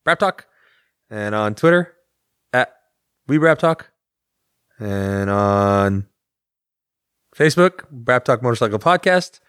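A man's voice: medium pitch, animated, takes it slowly, pauses often, a bit bright, clear, resonant tone, dry recording. Tired midwestern guy joking around on a podcast mic, dry close sound. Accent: Midwestern American. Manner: laughs often, joking and loose. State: tired, a bit delirious. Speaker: podcast co-host. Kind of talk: casual banter. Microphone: studio podcast mic.

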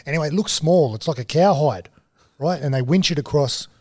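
Male guest, animated storyteller, slang-heavy, dry close mic. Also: fairly high pitch, fairly quick, husky, no room sound. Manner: animated, slangy, swings into excited quoting. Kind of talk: casual storytelling.

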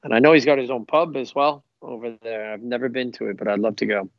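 A man's voice: mid-range voice, fairly even intonation, quick pace, no room sound. A man, a former professional footballer, chatting as a podcast guest and telling stories with easy laughter. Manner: upbeat, laughing, rambling storyteller. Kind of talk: casual podcast interview. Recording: dull lo-fi remote audio.

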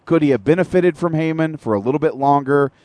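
A man's voice: a little high, fast, a little mellow, no room sound. A man co-hosting an internet radio show, ranting in casual, profane wrestling talk with long detailed recaps. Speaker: podcast co-host.

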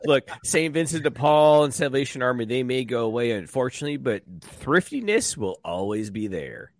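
Male co-host, lively swooping delivery, jokey and loose, dry close sound. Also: medium pitch, normal speed, no echo. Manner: joking, animated, swears freely. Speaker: podcast co-host. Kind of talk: casual chat. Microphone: remote call.

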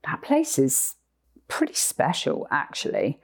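Lively English woman telling a story. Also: sits low, a little slow, husky. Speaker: podcast co-host, horse trainer. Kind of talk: storytelling podcast chat.

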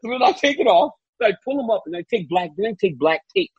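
A man from Louisiana co-hosting a casual talk show, telling animated stories and laughing often. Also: high voice, fast, breathy edge, no echo. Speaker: co-host and fight analyst. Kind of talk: casual chat. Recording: dull, lo-fi, dry sound.

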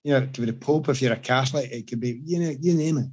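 A Scottish man in casual chat, telling animated, self-mocking anecdotes to the room. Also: mid-range voice, rapid-fire, breathy edge. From Scotland.

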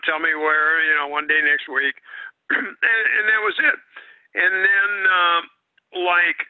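A man's voice: fairly high pitch, dry recording. Older man telling stories over a tinny line. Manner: keeps clearing his throat, rambling with fillers. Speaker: podcast guest, former wrestling announcer. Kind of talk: anecdotal storytelling. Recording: tinny phone-like line, dry.

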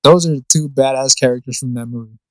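A man's voice: medium pitch, fast talker, dry recording, low-quality recording. A man co-hosting a podcast, laid-back and swearing casually in chat. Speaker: podcast co-host.

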